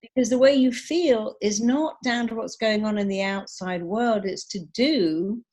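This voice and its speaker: A woman's voice: fairly high pitch, a little slow. A middle-aged woman, a psychologist and hypnotherapist, speaking as a guest on a radio interview in an emphatic, persuasive way. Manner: emphatic, persuasive, lively storytelling.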